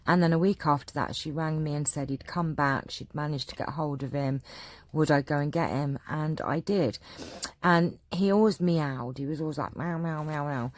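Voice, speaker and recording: A woman's voice: deep voice, normal speed, no room sound. An English woman hosting a craft channel, answering viewer questions in a chatty, rambling way with lots of fillers. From England. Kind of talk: casual Q&A chat.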